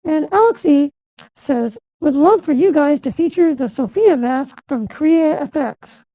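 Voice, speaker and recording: A woman hosting a casual chat show, talking in an easygoing, chatty way. Her voice is high with a lot of gravelly fry and a mellow, dark tone. The recording is dry and close. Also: expressive, a little slow, no echo, low-quality recording. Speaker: host.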